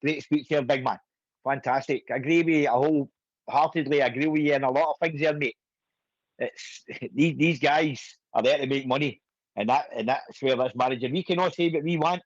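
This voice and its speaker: A Scottish man calling a radio phone-in, hearty and matey, quick to agree. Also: mid-range voice, no echo, muffled recording. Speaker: caller. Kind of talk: friendly phone-in chat.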